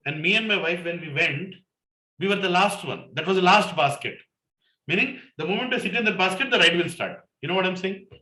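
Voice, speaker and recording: A middle-aged man with an Indian English accent, giving an anecdotal spiritual talk to a satsang group and telling stories in an animated way, mixing in Hindi and Telugu. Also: a little high, reverberant, low-quality recording. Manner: animated storyteller, mixes in Hindi and Telugu, laughs at himself. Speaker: satsang speaker.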